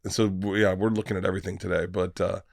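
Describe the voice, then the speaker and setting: A guest comedian with a low, gravelly voice talks fast on a studio mic with no echo. In casual podcast chat he tells rambling, profane stories as an animated storyteller.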